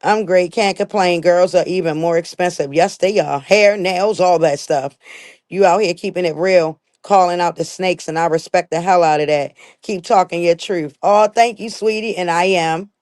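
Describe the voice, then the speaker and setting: A woman's voice: lowish voice, normal speed, darkish tone. A young woman with a Baltimore accent, talking bluntly and emphatically to viewers on a casual live stream.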